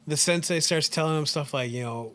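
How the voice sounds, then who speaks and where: A man's voice: on the high side, fairly quick, a bit bright, slight background noise. A man co-hosting a casual podcast, retelling a film in a rambling way with acted-out lines and some swearing. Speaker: podcast co-host. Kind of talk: casual film recap chat.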